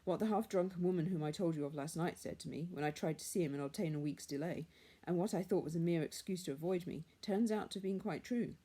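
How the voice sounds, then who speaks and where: Poor husband confiding in his wife, low mellow voice, read by a woman. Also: quick pace, few pauses, close to an everyday voice. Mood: relieved. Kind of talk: storybook reading.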